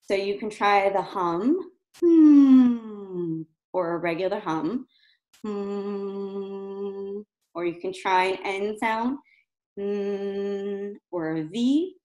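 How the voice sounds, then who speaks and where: A woman voice therapist giving a calm, patient exercise lesson, demonstrating soft hums and chanted syllables. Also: mid-range voice, moderate pace. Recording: roomy echo.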